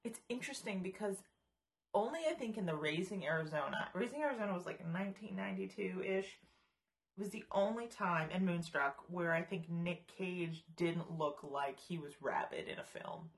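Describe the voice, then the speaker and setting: A woman's voice: lowish voice, normal speed. Giggly woman co-hosting a chat. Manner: giggly, trails off and restarts. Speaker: podcast co-host. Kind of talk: casual chat.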